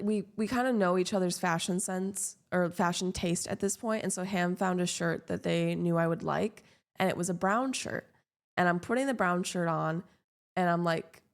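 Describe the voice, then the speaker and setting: Rambling young woman streamer. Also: medium pitch. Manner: rambling, self-deprecating, lots of fillers. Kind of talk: casual chat while gaming.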